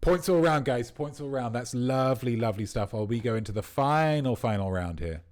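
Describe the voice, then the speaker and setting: A man's voice: medium pitch, fairly quick, darkish tone. A man hosting a quiz livestream, riffing playfully and at length on viewers' answers. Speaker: quiz host.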